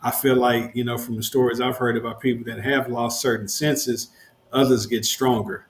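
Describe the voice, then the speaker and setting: A man's voice: medium pitch, fairly even intonation, moderate pace. A man in a casual podcast conversation who talks reflectively, with lots of "like" fillers. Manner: reflective, loose, uses fillers like "like". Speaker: podcast co-host. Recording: roomy with faint background noise.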